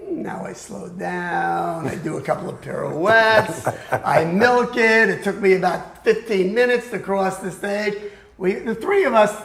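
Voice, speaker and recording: A man's voice: high-pitched, vocal fry. An older man telling anecdotes as a guest in an interview, acting out the voices of the people in his stories. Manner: animated storyteller who acts out other people's voices. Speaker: guest recalling a music career. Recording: echoey room.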